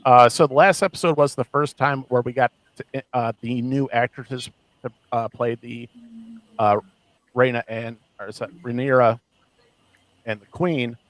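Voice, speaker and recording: A man co-hosting a podcast in casual chat, animated and laughing often as he mocks what he quotes. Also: medium pitch, normal speed, long pauses, no echo, rough recording. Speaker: podcast co-host.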